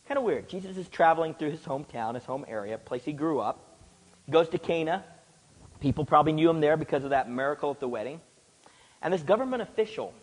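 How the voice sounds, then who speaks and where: A male preacher delivering a sermon, his pitch swinging widely as he acts out the people in the passage. His voice is slightly husky and rides a long reverb, as if he is in a large hall. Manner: animated, acts out quoted voices.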